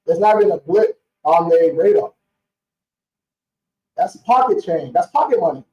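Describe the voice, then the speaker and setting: A blunt, slangy young man, fired up and cursing as he talks, his voice set fairly high with a mellow, soft-edged tone. He sits some way from the mic in a roomy space, and the stream audio comes through dull and lo-fi. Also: expressive, moderate pace, recorded from a distance. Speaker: credit repair business owner hosting a live stream. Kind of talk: casual live-stream talk.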